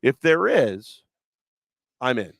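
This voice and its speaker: Male radio co-host, loud storyteller, dry close sound, mid pitch. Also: big pitch swings, slow pace, gravelly, no room sound. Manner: loud storyteller, acts out voices with shouts. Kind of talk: casual sports talk banter. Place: live remote broadcast at a car dealership.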